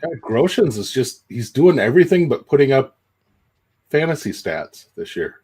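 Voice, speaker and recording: A man on a casual sports podcast, relaxed and rambling as he analyzes players. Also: mid-range voice, normal speed, breathy edge. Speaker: podcast co-host. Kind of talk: casual chat.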